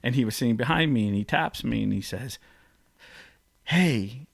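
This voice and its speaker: Animated man telling a funny story. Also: mid-range voice, normal speed, vocal fry, husky. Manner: animated, acts out quotes with big voice jumps, laughs often. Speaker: podcast co-host. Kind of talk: casual storytelling chat.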